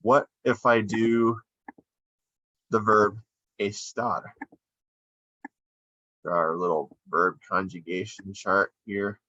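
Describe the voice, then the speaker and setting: Casting: man, lowish voice, slow and patient, screen-recorded lesson, dull dry lo-fi sound. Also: level tone, sharp tone, no echo. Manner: unhurried, explaining while drawing on screen. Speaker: Spanish teacher.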